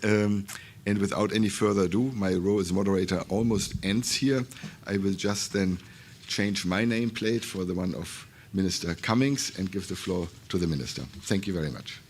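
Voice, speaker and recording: A man moderating a conference panel, polite and a little halting as he thanks the hosts. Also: deep voice, a little hiss or hum.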